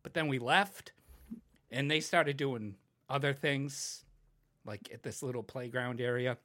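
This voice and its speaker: A young man in casual podcast chat, telling a wild story with lots of swearing and shouted, acted-out quotes. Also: mid-range voice, a little slow. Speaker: podcast co-host.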